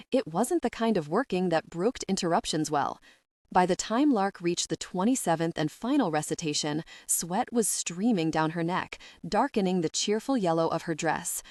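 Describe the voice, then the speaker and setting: A woman's voice: on the low side, no room sound, studio quality. A woman narrating a first-person audiobook in a wry, conversational way, with the occasional curse word.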